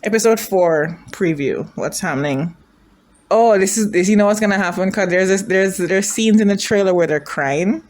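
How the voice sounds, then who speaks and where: A woman's voice: medium pitch, normal speed, darkish tone. A woman chatting casually as she reacts to a drama, thinking aloud, gushing, and asking her viewers questions. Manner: emotional, gushing.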